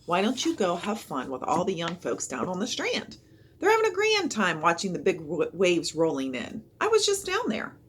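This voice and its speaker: A woman's voice: lowish voice, huge pitch swings, moderate pace, slight background noise. A woman voicing a jolly grown-up policeman who kindly brushes off children's warnings. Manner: kindly, dismissive.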